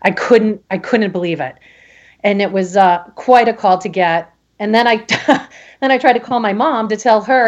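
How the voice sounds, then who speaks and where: A woman guest telling her own story in halting speech, with many restarts and fillers. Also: mid-range voice, muffled recording. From Connecticut. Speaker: podcast guest. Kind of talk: emotional personal story.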